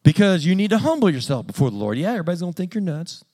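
A man's voice: sits high, very animated, very fast, darkish tone. A man preaching a conversational sermon in a plain-spoken, self-deprecating way with dry humor.

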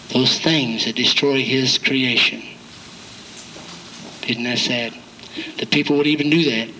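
A man's voice: high-pitched, bright, forceful tone, a little hiss or hum, poor audio. An older man, a pastor, preaching a folksy sermon, cracking jokes and acting out quotes from his flock. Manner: folksy, jokey preaching with acted-out quotes and chuckles.

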